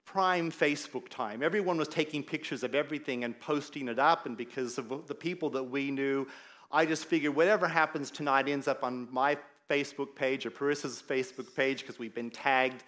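Male pastor, middle-aged, lively storytelling sermon, mid-pitched voice. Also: normal speed. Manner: animated storyteller, acts out quoted voices. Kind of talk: sermon with personal anecdote.

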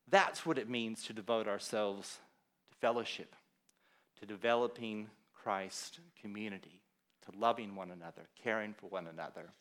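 A pastor from Australia preaching a conversational sermon in a church hall, telling stories and acting out what other people said. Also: male voice, on the low side. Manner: conversational storytelling, quoting others with animated voice.

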